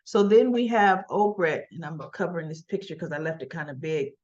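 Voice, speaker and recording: A woman's voice: sits low, brisk, darkish tone. A woman giving a casual recap of a soap opera episode, telling it in an emotional, rambling way and acting out the dialogue. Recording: dull lo-fi sound.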